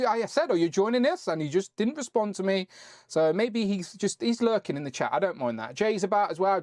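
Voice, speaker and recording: A man's voice: a little high, darkish tone, no echo, studio quality. A man hosting a casual live stream, chatting and rambling as he reads out viewer messages.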